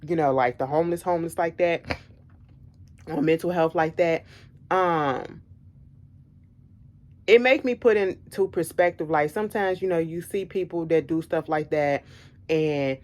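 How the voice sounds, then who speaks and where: A woman vlogger telling a story in casual chat, animated and emphatic, repeating her points bluntly. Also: low-pitched, a little slow, long pauses.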